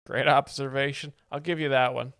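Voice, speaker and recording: A man hosting a stream as a mock-serious joke explainer, giving deadpan commentary on stand-up clips. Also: mid-range voice, brisk, no echo, clean studio sound.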